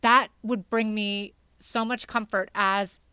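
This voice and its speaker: A woman's voice: mid-range voice, steady tone, takes it slowly, bright, forceful tone, clean tone, no room sound. A woman co-hosting a casual chat, thinking aloud in a candid, reflective way. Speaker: co-host.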